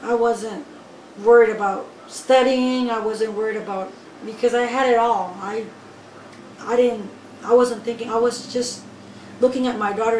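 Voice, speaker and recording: A woman from Guatemala, telling her own story in an interview in an animated, emphatic way and speaking straight to the listeners. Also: on the high side, normal speed. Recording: echoey room, voice from far off, faint background noise.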